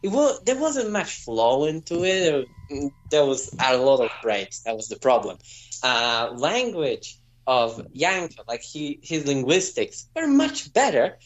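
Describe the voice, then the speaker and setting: A man's voice: mid-range voice, very animated, a little slow, lo-fi sound. A Polish-speaking man chatting casually in English in a group voice chat, rambling with lots of "like" fillers. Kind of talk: casual banter.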